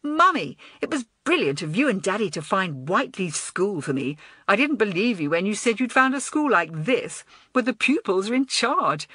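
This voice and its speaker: A woman voicing a spoiled, boastful schoolgirl who talks in a high, whiny, demanding way. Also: sing-song, moderate pace, few pauses, pushed and bright, slightly rough, dry recording, exaggerated voice. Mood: gloating.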